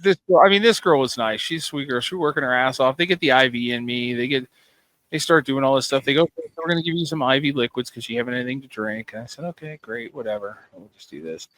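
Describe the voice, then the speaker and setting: A man co-hosting a casual podcast, telling a profane, animated story and acting out the dialogue. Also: medium pitch, quick pace, no echo, rough recording. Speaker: podcast co-host.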